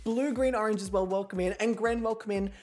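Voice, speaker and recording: A woman's voice: mid-range voice, a little fast, darkish tone. A woman streaming live, chatting casually and thinking aloud as she weighs choices and answers her viewers. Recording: faint music underneath.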